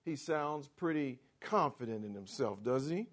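A man preaching a sermon, slow and emphatic, reading scripture aloud and driving his points home with rising force. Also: mid-range voice, expressive. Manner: slow, emphatic preaching with sharp rises for quoted lines. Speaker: pastor.

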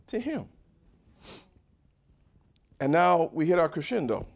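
A male pastor preaches a sermon in a slightly high, creaky voice, delivered with great animation. He swings between quiet asides and shouted, drawn-out lines, and leads the congregation in reading scripture aloud.

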